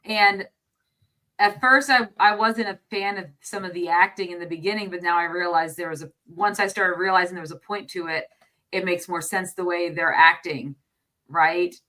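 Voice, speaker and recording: A woman co-hosting a relaxed film talk show. She rambles and thinks out loud, restarting her sentences as she works through her ideas. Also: fairly low pitch, normal speed. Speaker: co-host. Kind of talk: casual film discussion.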